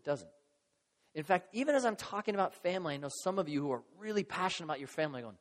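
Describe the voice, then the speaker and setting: A man preaching a sermon as pastor, in a conversational, animated way, acting out voices from the scripture he reads. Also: a little high, fast talker. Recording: long reverb of a large hall.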